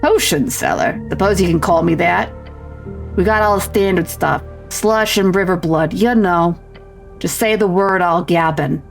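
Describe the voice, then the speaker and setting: A woman voicing a gruff, cocky male goblin potion seller who talks in rude street slang with a crunchy voice. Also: lowish voice, expressive, unhurried, soft background music. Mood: brash. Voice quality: crunchy, gravelly.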